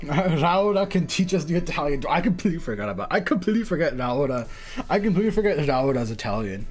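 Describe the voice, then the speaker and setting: A man's voice: on the high side, big pitch swings, fast, a little mellow, soft background music. A young man reading game dialogue aloud on a stream, joking and laughing between lines. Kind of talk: casual livestream commentary.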